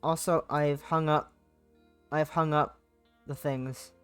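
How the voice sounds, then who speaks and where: A woman's voice: sits low, fairly even intonation, slow pace, smooth, dry recording, faint music behind. A young adult woman live streaming a visual novel, reading it aloud and chatting in a playful, rambling way that repeats itself and slips into sing-song bits. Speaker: game streamer.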